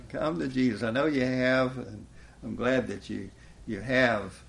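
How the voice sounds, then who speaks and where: A man's voice: medium pitch, fairly even intonation, slow, vocal fry, pauses often, a bit bright. A man preaching a sermon in a folksy way, chuckling often and quoting scripture with rising emphasis.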